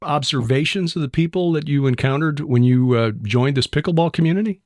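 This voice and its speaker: A man hosting a faith podcast, asking a guest questions in a measured, somewhat halting way with repeated words. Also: on the high side, darkish tone, dry recording, clean studio sound. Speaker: podcast host. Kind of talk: interview questions.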